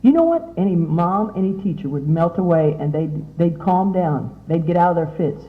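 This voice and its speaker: A middle-aged woman gives an animated motivational talk to teen girls, often asking her audience questions. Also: on the low side, normal speed. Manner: chatty, animated, asks the audience many questions. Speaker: speaker at a youth conference. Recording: tinny, phone-like lo-fi sound.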